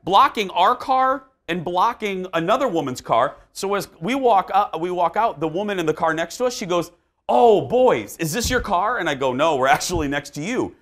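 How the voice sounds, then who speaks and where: A man's voice: high voice, lively intonation, a little fast, few pauses, fairly bright tone. A man hosting a talk show, telling a story in casual chat and acting out the dialogue.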